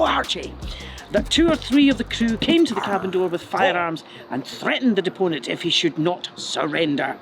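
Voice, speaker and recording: Playful high-voiced male storyteller. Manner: playful, chatty asides to the listener. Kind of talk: comic history narration. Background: music.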